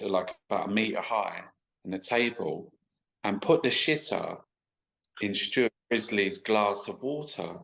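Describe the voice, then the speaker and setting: Sweary man, low voice. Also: a bit bright, poor audio. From England. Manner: rambling, sweary, stop-start anecdotes. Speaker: guest artist. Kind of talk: casual storytelling interview.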